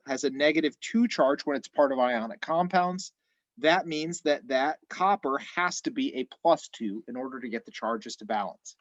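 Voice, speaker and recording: A man teaching chemistry in an online class, explaining methodically step by step, his voice a little hoarse. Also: a little high, no echo. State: slightly hoarse. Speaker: chemistry instructor.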